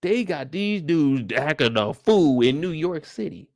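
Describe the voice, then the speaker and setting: Animated man hosting a show recap. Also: fairly high pitch, unhurried, no room sound, studio quality. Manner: animated, slangy storytelling to viewers. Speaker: TV after-show host. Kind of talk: casual episode recap commentary.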